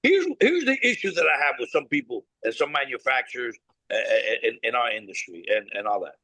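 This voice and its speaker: A bright, forceful man tells stories in an interview with no-nonsense bluntness, acting out both sides of past conversations and swearing freely. His voice is close and dry, with no room sound at all. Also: mid-range voice, big pitch swings, a little fast, no room sound, rough recording. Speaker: cigar company founder, guest. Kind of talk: animated storytelling interview.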